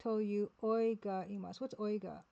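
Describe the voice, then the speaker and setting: A woman streaming a game live, talking casually and haltingly as she sounds out words one by one. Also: medium pitch, fairly even intonation, creaky, dark tone, dull audio.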